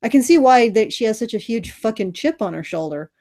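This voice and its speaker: A woman's voice: fairly high pitch, expressive, brisk, dark tone. A woman co-hosting a podcast in casual chat, blunt, sarcastic and profane. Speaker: podcast co-host.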